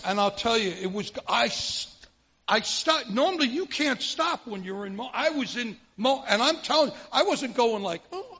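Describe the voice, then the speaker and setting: A man's voice: high voice, gravelly, fairly bright tone. An older man giving a dramatic personal testimony in a church hall, a vivid storyteller who acts out scenes and often restarts his sentences. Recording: muffled recording with long hall reverb.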